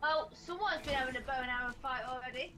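A woman's voice: high voice, fast. A woman co-hosting a gameplay video with her husband, giggly and self-deprecating. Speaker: co-host, player. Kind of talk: casual co-op gameplay chat. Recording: loud game music in the background.

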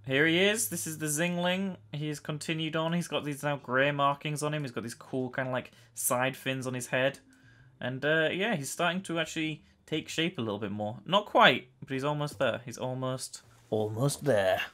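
A young man casually commenting on his own gameplay, chatty and excitable, often breaking into yells and laughter. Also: fairly high pitch, normal speed. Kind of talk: casual let's-play commentary.

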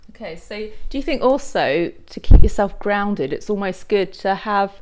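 A woman's voice: medium pitch, lively intonation, normal speed, darkish tone, a little hiss or hum. A woman, a music journalist, asking an interview guest long and friendly questions.

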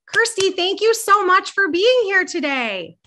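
A woman hosting an interview, gushing and enthusiastic, rambling warmly about her guest. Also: very high voice, big pitch swings, measured pace, slight background noise. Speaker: host. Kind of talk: casual interview chat.

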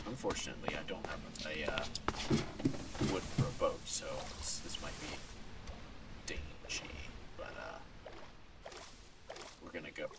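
A man's voice: rumbling low, gravelly. A man narrating his own gameplay, exasperated and muttering to himself, with sudden panicked yelps. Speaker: gaming video creator. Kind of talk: let's play commentary. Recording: distant mic with loud background noise.

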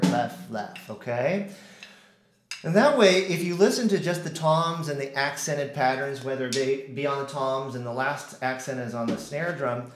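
An American drum teacher gives a casual lesson in a mid-range voice, the room around him echoey. He counts out stickings and hums the rhythms as he explains.

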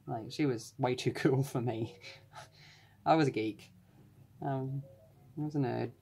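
Low and creaky-voiced, an Australian colouring channel host talks casually as she colours, in a relaxed tutorial chat. She wanders into rambling asides and makes fun of herself, recorded in what sounds like a room at home with the door shut.

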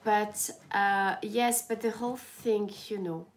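A young woman chatting casually to her viewers in a groggy morning voice, halting and restarting often. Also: mid-range voice, fairly even intonation. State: sleepy morning voice. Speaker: lifestyle livestreamer.

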